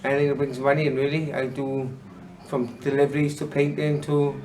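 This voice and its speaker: A man in his thirties, a boxer chatting casually as an interview guest, blunt and sweary and quick to laugh. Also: medium pitch, level tone, a little mellow, a little hiss or hum, poor audio. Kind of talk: casual chat.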